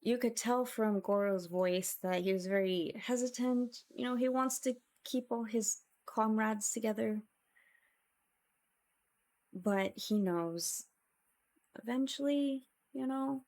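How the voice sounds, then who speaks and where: A woman's voice: medium pitch, slow pace, a little mellow. A woman streamer chatting with her viewers in a casual, emotional and reflective way, often sighing.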